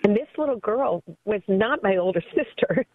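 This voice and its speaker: A woman's voice: mid-range voice, lively intonation, moderate pace. A woman in her fifties calling in to a radio show, telling a personal story in an earnest, emotional way over a phone line. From Southern California. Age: 50s. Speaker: caller. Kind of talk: call-in radio testimony.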